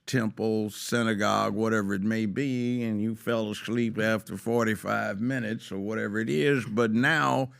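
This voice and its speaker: An older American man, a former judge appearing as a guest, delivers an opinionated talk show monologue in a gravelly, lowish voice. He speaks emphatically, rising to loud exclamations.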